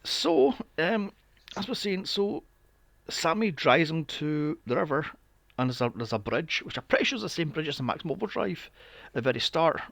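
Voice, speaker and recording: A man's voice: on the high side, sing-song, moderate pace, creaky, a bit bright, no room sound. A young man recapping a film on a podcast, sarcastic and swearing freely with mocking asides. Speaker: podcast co-host. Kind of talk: casual movie recap chat.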